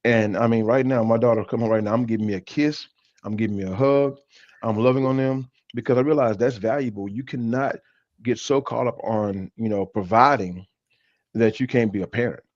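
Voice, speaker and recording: A man's voice: medium pitch, fairly quick, a little mellow, dry recording. A man co-hosting a church talk show, telling personal stories earnestly and often restarting his sentences. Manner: earnest storytelling with many restarts. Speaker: church leader and co-host. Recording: dull, dry lo-fi sound.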